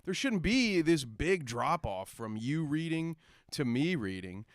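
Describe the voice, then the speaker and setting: A man co-hosting a podcast in casual chat, animated and sarcastic, swearing and reading out viewer comments. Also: fairly high pitch, measured pace, dry recording, studio quality. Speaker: podcast co-host.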